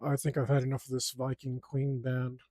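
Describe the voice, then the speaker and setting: A young man inks a drawing and mutters casually to himself, picking apart his own lines as he works along. His mid-range voice is warm but monotone and brisk, captured in a dry, clean studio recording.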